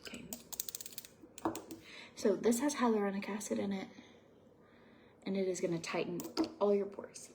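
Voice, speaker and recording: A woman's voice: medium pitch, moderate pace, long pauses, noisy background. A young adult woman chatting casually at home while doing her skincare routine, rambling and confiding with lots of fillers. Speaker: beauty vlogger.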